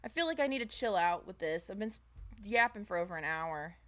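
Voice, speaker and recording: A woman's voice: lively intonation, a little fast, fairly bright tone. A young woman streamer chatting casually with her viewers at home, rambling with fillers and restarts. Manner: high baby-talk voice to her pets. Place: home, indoors.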